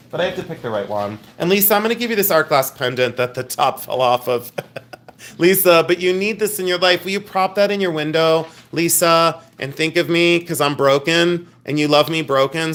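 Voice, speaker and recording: His voice a little high and a bit bright, a man runs a casual live jewelry sale stream. He rambles, jokes around, and shows affection for his viewers as he chats.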